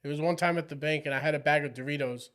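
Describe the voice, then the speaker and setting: Man with a higher voice telling an offhand anecdote. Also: steady tone, very fast, fairly bright tone. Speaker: podcast guest. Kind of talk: casual chat.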